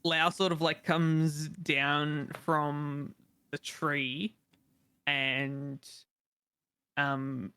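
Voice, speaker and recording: A man player describing his character's actions in a tabletop game, slow and hesitant. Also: fairly high pitch, little pitch movement, sharp tone, smooth, no echo. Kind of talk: casual tabletop game play.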